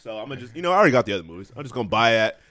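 A man's voice: medium pitch, very animated, racing, fairly bright tone, dry recording. A young man co-hosting a casual podcast, joking and punning with a friend and laughing often. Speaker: podcast co-host.

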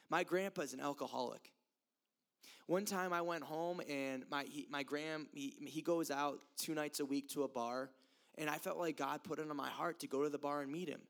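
A young American man gives a casual sermon, speaking directly to the people in front of him. His voice sits a little high with a gravelly edge. He stays earnest and conversational and laughs at himself now and then. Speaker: youth preacher.

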